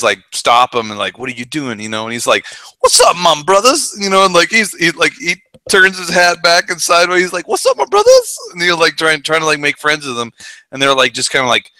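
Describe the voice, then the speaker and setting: A man's voice: a little high, animated, fairly quick, bright, forceful tone, clear, resonant tone, no room sound, poor audio. A man co-hosting a casual podcast, animatedly retelling movie scenes and acting out the characters' lines. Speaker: podcast co-host.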